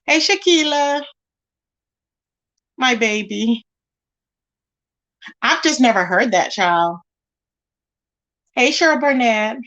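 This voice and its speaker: A woman's voice: a little high, animated, slow pace, pauses often, fairly bright tone. A woman hosting a casual livestream, greeting viewers by name and reading their comments aloud in an emphatic, repetitive way. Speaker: livestream host.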